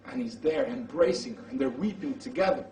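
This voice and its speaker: A man preaching, telling a story dramatically and rising to shouts at the climax. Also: medium pitch, lively intonation, brisk, slight background noise. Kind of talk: storytelling sermon. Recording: roomy hall, mic far off.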